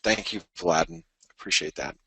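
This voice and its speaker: Man hosting, bright voice, dry sound. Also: sits low, vocal fry, slightly rough, no room sound, low-quality recording. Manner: casual, halting, with fillers and chuckles. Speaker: trading webinar host. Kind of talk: reading listener messages aloud.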